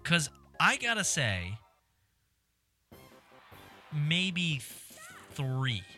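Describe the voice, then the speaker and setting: A man's voice: a little high, big pitch swings, very slow, bright, forceful tone, soft background music. A man in his thirties chatting casually over a video game, rambling and correcting himself as he tells stories. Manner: rambling, self-correcting storyteller. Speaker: gamer chatting with a friend. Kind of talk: casual chat over gameplay.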